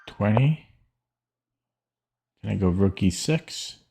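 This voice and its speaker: Chill low-voiced guy streaming chess, slow and mumbly, lots of hmms and ums. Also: lively intonation, creaky, dark tone, husky. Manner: muttering, hesitant, counting puzzles aloud. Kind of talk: thinking aloud while solving puzzles.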